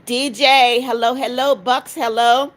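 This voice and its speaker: A woman's voice: on the high side, fairly even intonation, a little slow. Seventy-something woman reading live chat. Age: 70s. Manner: greets viewers one by one, reads comments aloud. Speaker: livestream host.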